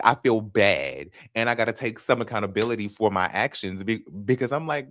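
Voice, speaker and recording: A man in his thirties with a Southern North Carolina accent chats casually with his viewers. He swears freely and talks in a fairly low voice that swings up and down a lot. The sound is dry and close. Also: moderate pace, hardly any pauses, no room sound. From Fayetteville, North Carolina. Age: 30s. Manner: animated, swearing, chatty with viewers. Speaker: host. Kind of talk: casual livestream chat.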